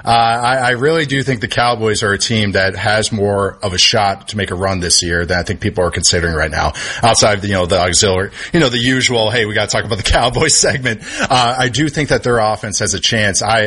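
A man's voice: lowish voice, fairly quick, hardly any pauses, sharp tone, breathy edge. A man who is a football analyst guest, talking casually and enthusiastically as he thinks aloud through his picks. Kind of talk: casual sports talk.

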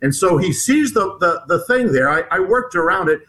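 A man, an author appearing as a guest, recounting a personal story in an interview, halting with frequent restarts and repeated words. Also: high voice, lively intonation, sharp tone, poor audio.

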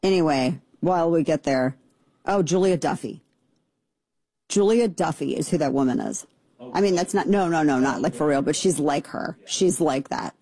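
A husky-voiced woman radio host riffs with biting sarcasm and mock disbelief. Her voice sits close and dry on a studio mic, with no room sound around it. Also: sits low, mellow, dry recording. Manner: sarcastic, mocking, rapid-fire commentary. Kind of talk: opinionated radio talk.

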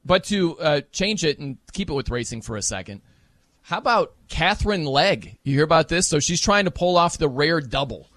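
A man hosting a casual sports talk show, chatting with animated energy and breaking into playful mock voices. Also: fairly high pitch, normal speed, no room sound, studio quality. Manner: animated, mimics wrestling announcers for laughs.

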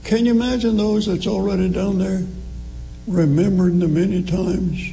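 A man preaching a sermon slowly and emphatically, pressing his listeners with rising appeals. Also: high-pitched, steady tone, gravelly, warm tone, faint music behind, low-quality recording.

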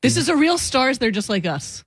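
A woman co-hosting a radio show, chiming in with quick, wry remarks during casual banter. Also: high voice, big pitch swings, vocal fry, breathy edge, dry recording, clean studio sound. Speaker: radio co-host. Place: radio studio.

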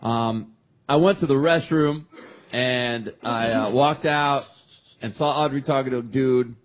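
A man's voice: medium pitch, unhurried. A man hosting a radio morning show, telling a story casually with many fillers. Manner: hesitant, filler-heavy storyteller.

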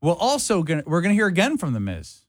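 A man hosting a sports radio show, chatting and teasing his co-host in an animated way. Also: fairly high pitch, no echo, studio quality. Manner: animated, teasing, quick back-and-forth. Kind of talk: casual sports radio banter.

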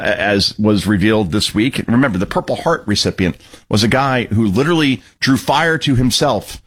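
A man's voice: medium pitch, breathy edge. A man hosting a political talk radio show, sarcastic and opinionated, cueing clips.

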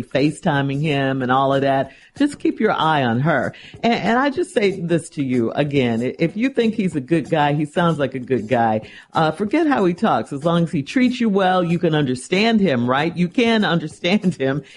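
Casting: animated female host, teasing and incredulous advice. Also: sits low. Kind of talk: reading a letter and giving advice.

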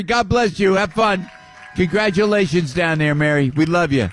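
A man's voice: sits high, moderate pace, faint music behind. A man hosting a live radio show from a jazz club, talking with enthusiastic, effusive energy. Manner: enthusiastic, effusive, thanks people warmly. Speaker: radio host.

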